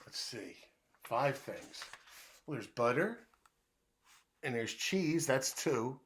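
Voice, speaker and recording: Unhurried, bright-toned man reading riddles to children; playful, answers his own questions, hushes when he plays the guesser. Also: medium pitch, very animated, a little hiss or hum. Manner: playful, asks riddles then answers them himself; drops to a hushed voice when playing the puzzled guesser. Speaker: children's book reader.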